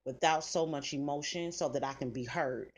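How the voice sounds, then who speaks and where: A middle-aged woman hosts a podcast, telling stories in casual chat at normal speed with a deep voice. She is blunt and salty, swearing freely and speaking directly to her listeners.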